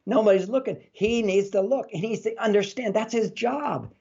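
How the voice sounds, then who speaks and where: A man giving relationship advice as an interview guest, a lively storyteller who acts out the dialogue he quotes. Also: sits high, normal speed, gravelly, slightly rough, muffled recording.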